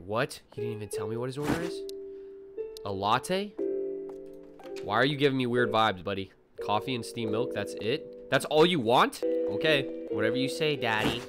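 A man giving excitable, casual commentary while playing a video game, with loud outbursts. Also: lowish voice. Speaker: gaming video creator. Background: game music.

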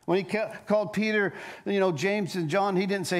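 A man preaching a sermon as a pastor, telling a story with lively energy and frequent stammered restarts. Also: sits high, a little fast, few pauses.

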